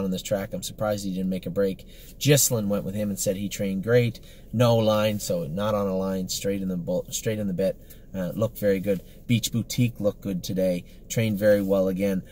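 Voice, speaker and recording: Low-voiced man giving a rambling update. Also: mellow, slight background noise. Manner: rambling and upbeat, with frequent fillers and self-corrections. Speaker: horse trainer. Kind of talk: casual spoken training report.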